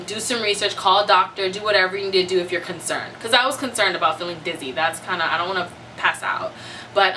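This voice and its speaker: A woman's voice: medium pitch, bright, forceful tone. A young woman chatting casually to camera, laughing often and acting out her own reactions. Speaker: vlogger. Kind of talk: casual chat. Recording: voice a bit far from the mic, faint noise.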